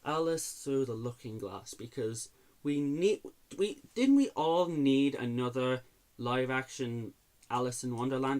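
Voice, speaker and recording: A man's voice: mid-range voice, a little slow, darkish tone. A man reviewing films in an exasperated, sarcastic rant, swearing freely. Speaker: movie reviewer. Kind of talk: ranting movie review.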